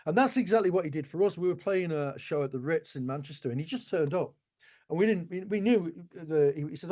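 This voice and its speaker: A man in his sixties tells stories from his music career in an interview. He talks in an animated way, swears casually and acts out what other people said. His voice sits a little high for a man. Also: quick pace. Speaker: musician guest. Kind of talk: anecdotal interview storytelling.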